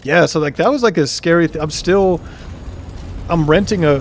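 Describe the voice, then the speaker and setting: A man's voice: on the high side, normal speed, a little hiss or hum. A young man streaming, telling a story casually and reading chat comments aloud, laughing now and then.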